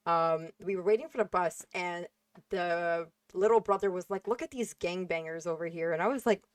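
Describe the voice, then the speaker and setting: A woman's voice: medium pitch, no room sound, studio quality. A young adult woman talking on a casual panel discussion, blunt and emphatic, swearing freely, with many fillers.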